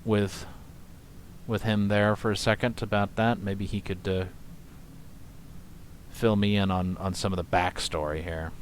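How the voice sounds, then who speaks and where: A man hosting casual reaction commentary, rambling, swearing and scoffing between long pauses. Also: on the low side, flat delivery, a little hiss or hum. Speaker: commentary host.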